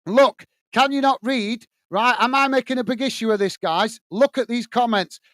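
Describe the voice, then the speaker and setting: A man from England hosts a live football watch-along, talking straight to his viewers. He is blunt and firm with troublemakers and plain when he calls the play. His voice sits high and comes through smooth and clear, with a dry, close sound. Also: no room sound. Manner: blunt, irritated ranting at a commenter; calm play-by-play description. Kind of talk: live match commentary and chat with viewers.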